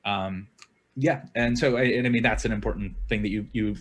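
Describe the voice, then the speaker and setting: A man's voice: fairly low pitch, fairly even intonation, fairly quick. A man hosting a podcast panel, talking earnestly and thinking aloud with frequent restarts. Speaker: podcast host. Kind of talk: casual panel discussion.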